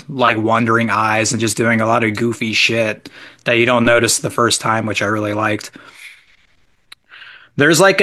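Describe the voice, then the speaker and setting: A man with a bright, forceful tone talks through a film he enjoyed in loose, casual chat. He rambles a little with easygoing filler words as he weighs his favorite parts. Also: medium pitch. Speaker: podcast co-host reviewing a movie.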